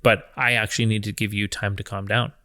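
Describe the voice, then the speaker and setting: A man in his thirties co-hosting a casual talk about marriage, calm and even-toned, thinking aloud with restarts. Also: on the low side, quick pace, no echo, studio quality. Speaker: podcast co-host.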